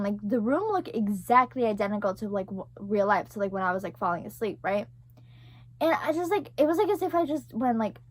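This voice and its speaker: Young woman, casual vlog storytelling, rambling, fillers, swears, higher voice, dry sound. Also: dry recording. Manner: rambling, heavy use of "like" and "right?". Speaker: vlogger.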